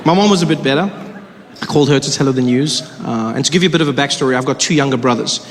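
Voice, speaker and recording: A man performing stand-up comedy before an audience, telling stories in a conversational way with quick voice switches. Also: mid-range voice. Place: large hall before live audience. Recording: live hall with audience noise.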